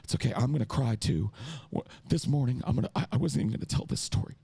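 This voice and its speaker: Man doing a whiny panicky pundit, higher pitched, overwrought, dry mic. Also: fast, creaky, dark tone, slightly rough, no echo. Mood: tearful. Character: panicking male political news pundit, sweaty, melodramatic.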